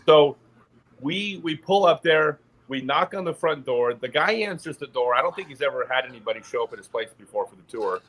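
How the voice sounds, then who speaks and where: A man's voice: a little high, brisk. A man, a podcast guest, telling an anecdote in casual chat and laughing in the middle of his sentences. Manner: animated storyteller, laughs mid-sentence.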